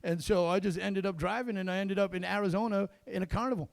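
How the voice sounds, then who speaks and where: A man doing a stand-up comedy set on a club stage, telling a story that swings between loud bursts and low muttered asides. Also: fairly even intonation, quick pace, creaky, no room sound.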